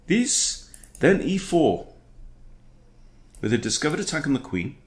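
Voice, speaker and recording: A man's voice: on the high side, very animated, moderate pace. A man coaching chess, talking through a game in a playful, chatty way. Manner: playful, chatty, throws in silly impressions. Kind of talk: casual game commentary.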